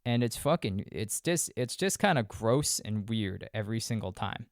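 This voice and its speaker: A man's voice: lowish voice, lively intonation, normal speed, dry recording, studio quality. A young man recapping a movie in loose, profane casual chat, full of fillers and restarts. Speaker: podcast host reviewing a movie. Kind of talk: casual rambling film recap.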